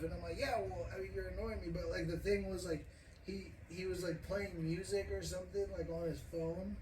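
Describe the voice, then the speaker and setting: A man's voice: fairly high pitch, a little mellow. A young man hosting a casual podcast, rambling and swearing, laughing often as he tells a story. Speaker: podcast host. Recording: roomy, distant mic, faint noise.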